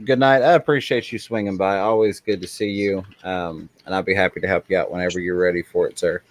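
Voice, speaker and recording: A man hosting a live stream in casual chat, chatty and quick to laugh, with apologetic little asides. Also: low voice, fairly even intonation, rough recording.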